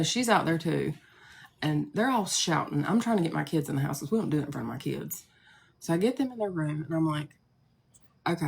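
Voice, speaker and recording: Low, gravelly woman telling a rambling story. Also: a little mellow. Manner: rambling, with many likes and asides. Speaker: live streamer. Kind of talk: casual storytelling to a live audience.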